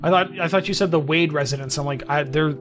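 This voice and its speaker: A man's voice: fairly high pitch, fast talker, music in the background. A man co-hosting and playing through a game, easygoing and laughing often. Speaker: podcast co-host, player. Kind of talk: let's play commentary.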